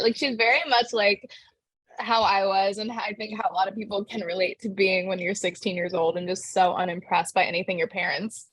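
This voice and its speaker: A woman's voice: medium pitch, normal speed, husky, no room sound. A young woman, an actress, answering interview questions in a bubbly, chatty way, full of "like" fillers.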